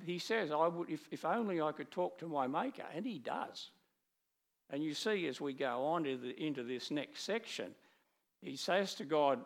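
Lively middle-aged male preacher. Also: a little high, vocal fry. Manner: animated, with many restarts and acted quotes. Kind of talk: sermon with slides.

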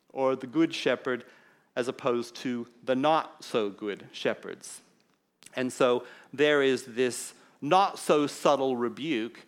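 A man preaching a sermon as pastor, explaining scripture in an emphatic teaching manner with deliberate pauses. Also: medium pitch.

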